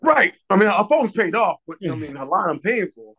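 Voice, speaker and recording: A man's voice: high-pitched, sing-song, fast talker, a bit bright, muffled recording. A man co-hosting a podcast, telling a story in casual, profane chat and acting out other people's lines with lots of energy. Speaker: podcast co-host.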